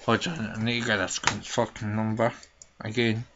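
A man's voice: little pitch movement, normal speed, dull audio, noisy background, close to an everyday voice. Man putting on a foul-mouthed granny. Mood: grumbling. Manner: swearing rants with sudden shrill outbursts. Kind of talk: comedy character vlog.

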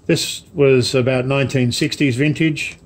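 A man casually showing off a parcel of model ships to camera, rambling slowly with many ums and asides. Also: medium pitch, fairly even intonation. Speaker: wargaming hobby vlogger. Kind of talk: casual unboxing chat to camera.

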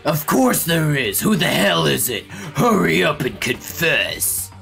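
A man's voice: a little high, lively intonation, takes it slowly, creaky, sharp tone, soft background music, heavily acted. A man voicing a brash, hot-tempered young man in a fan dub of a game, blunt and pushy. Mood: demanding.

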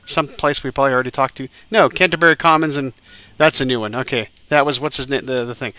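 A man talking through a video game session in a casual, rambling way, thinking out loud and stopping to restart his sentences. His voice has a bright, forward tone at an ordinary middle pitch. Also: quick pace, smooth, no echo. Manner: rambling, thinks aloud with many fillers. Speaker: gaming YouTuber. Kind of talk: let's play commentary.

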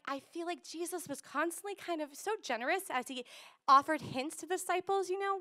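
High-voiced woman pastor preaching casually. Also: fairly bright tone. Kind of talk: sermon. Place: church service streamed on video call. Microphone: video call.

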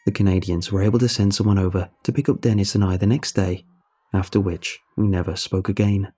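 A man narrating a horror story in a measured, grave storytelling manner. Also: deep voice, fairly even intonation, dark tone, slightly rough.

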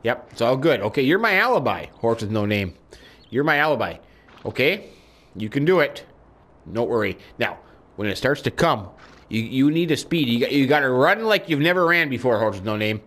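A man giving chatty let's-play commentary, talking to his in-game horse and jumping up in pitch when excited. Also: moderate pace. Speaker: gaming YouTuber.

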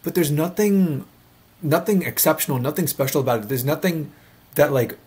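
Husky sarcastic reaction host, man. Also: fairly high pitch, normal speed, a little mellow. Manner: blunt, sarcastic, mocking. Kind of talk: casual commentary.

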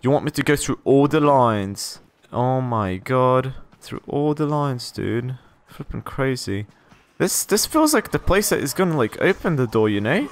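A young man playing a horror game and talking through it, jittery and quick to exclaim and repeat words when scared. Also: mid-range voice, lively intonation. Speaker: gaming YouTuber. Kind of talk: horror game let's play commentary.

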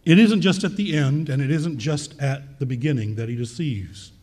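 A man preaching a sermon in a church, reading scripture aloud and repeating key words for emphasis, with a slightly husky voice. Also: mid-range voice, normal speed, darkish tone, big-room sound.

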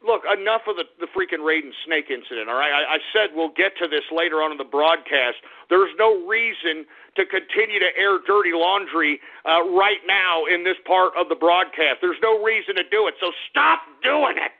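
A man hosting a radio show, scolding his listeners in a combative rant that keeps breaking into shouts. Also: sits high, lively intonation, moderate pace. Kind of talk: ranting call-out radio talk. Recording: tinny phone-like radio audio.

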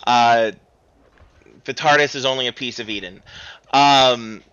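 A man's voice: mid-range voice, unhurried, a bit bright, clear, resonant tone, highs cut off. A young man streaming a video game, rambling and joking in casual commentary. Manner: rambling, self-deprecating, joking. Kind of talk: casual let's-play commentary.

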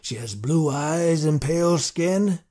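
A man voicing a tall, old cowboy marshal with a dry, grumbly, low drawling voice. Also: lively intonation, takes it slowly, dark tone. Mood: gruff.

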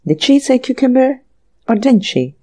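A woman voicing an irritable young male author who mutters to himself in brisk, exasperated bursts. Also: sits high, very animated, mellow, pitched above the performer's own voice. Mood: bewildered, exasperated.

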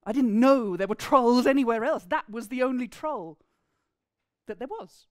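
A woman's voice: on the high side, normal speed, no room sound. A woman from England, telling a folk tale expressively to an audience. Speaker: storyteller. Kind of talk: oral storytelling to a live audience.

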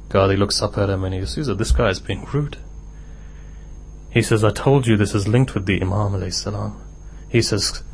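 A man's voice: on the low side, moderate pace, vocal fry, slight background noise. A man with a British accent preaching a sermon in a mosque hall, telling stories and rising to impassioned exhortation.

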